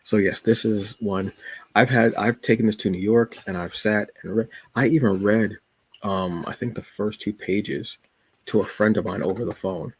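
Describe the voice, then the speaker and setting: A man talks in a loose, joking way, drifting through asides as he hosts his own show. His voice sits low and gravelly with a husky edge. The sound is dry and close, with no room echo. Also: moderate pace. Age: adult. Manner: relaxed, joking, storytelling with asides. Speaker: channel host. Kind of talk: casual talk about comics and books.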